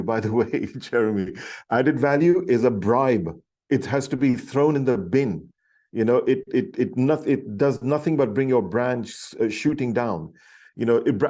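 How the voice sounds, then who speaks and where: A middle-aged man telling a story as a podcast guest, animated and enthusiastic, often restarting his sentences. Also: medium pitch. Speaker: podcast guest, leadership author. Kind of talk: storytelling in an interview.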